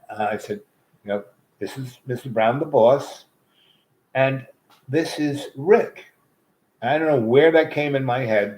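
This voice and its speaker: A man's voice: mid-range voice, a little mellow, low-quality recording. A man hosting his own show, telling a long, meandering story with many restarts and asides. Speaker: host. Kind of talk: rambling storytelling monologue.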